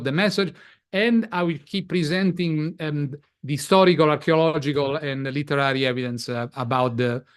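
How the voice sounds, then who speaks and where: A man's voice: fairly high pitch, clear, resonant tone. A man from Italy with an Italian accent, speaking as an interview guest and stopping often to repeat words. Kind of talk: casual interview talk.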